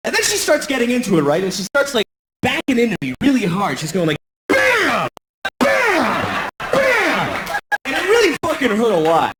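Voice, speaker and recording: A man's voice: huge pitch swings, quick pace, heavy background noise. An American man doing a crude, self-deprecating stand-up comedy routine, acting out voices. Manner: crude, self-deprecating, acts out voices with big pitch swings.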